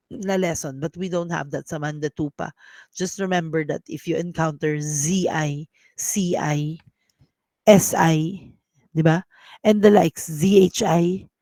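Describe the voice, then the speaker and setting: A woman with a Filipino accent teaching a casual language lesson, drilling words slowly and mixing English with Tagalog. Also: fairly low pitch, warm tone, no echo. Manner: clears throat often.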